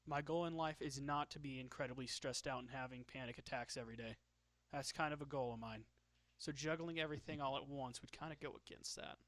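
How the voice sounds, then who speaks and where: A man's voice: mid-range voice, fairly quick, few pauses, fairly bright tone, no echo. A man chatting casually while drawing, joking about himself and laughing often. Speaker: streamer.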